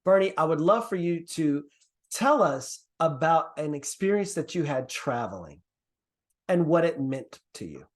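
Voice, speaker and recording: Male presenter from the Caribbean, slightly high voice, earnest and encouraging on a video call. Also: unhurried. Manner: earnest, encouraging, lively pitch swings. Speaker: workshop presenter. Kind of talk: online workshop teaching.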